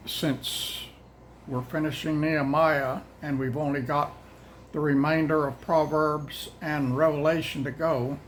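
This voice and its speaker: Slightly out of breath, an older man with a somewhat high voice rambles casually to viewers about a daily Bible reading plan. His manner is plain-spoken and folksy, with plenty of "y'all," frequent halts, and restarts. The recording is low quality, with a bit of background noise.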